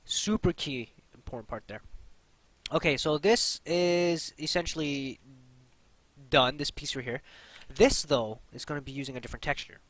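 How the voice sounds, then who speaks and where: A man's voice: fairly high pitch, normal speed, a bit bright, rough recording. A young man hosting a casual 3D modeling tutorial, chatty, with lots of fillers and repeated key points. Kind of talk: casual screen-recorded tutorial.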